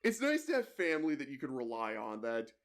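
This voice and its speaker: A man's voice: medium pitch, wildly swooping pitch, fast talker. A young man co-hosting a podcast, telling a work story in a rambling way, full of "you know" and "like". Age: young adult. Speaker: podcast co-host. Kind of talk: casual chat, telling work stories.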